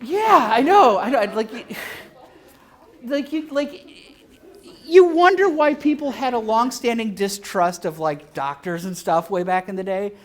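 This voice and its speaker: A man giving a live lecture at a convention, halting often with filler sounds and restarts, and dropping dry, joking asides. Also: very high-pitched, lively intonation. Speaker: convention speaker.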